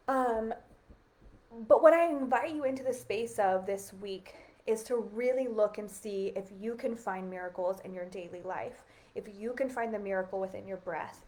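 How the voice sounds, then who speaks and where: Earnest woman musing on a livestream. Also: medium pitch. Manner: earnest, musing, with frequent "like" and soft laughs. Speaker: livestream host. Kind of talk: reflective spiritual livestream talk.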